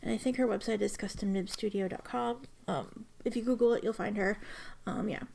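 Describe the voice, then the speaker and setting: A young woman chatting happily about her fountain pen, gushing and often slipping into soft whispers. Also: medium pitch, fairly even intonation, a little fast, gravelly. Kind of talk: casual chat while writing.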